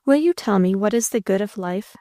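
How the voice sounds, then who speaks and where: A woman voicing a proud, reserved young woman who is quietly unhappy, speaking slowly and with careful composure. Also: medium pitch, lively intonation, no echo, clean studio sound, lightly acted.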